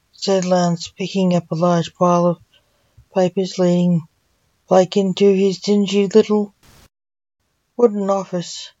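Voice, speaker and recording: A woman reading a fantasy story aloud in a plain, unhurried way, on a dull recording. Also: fairly low pitch, level tone, dark tone, no echo. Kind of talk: reading her own fan story aloud.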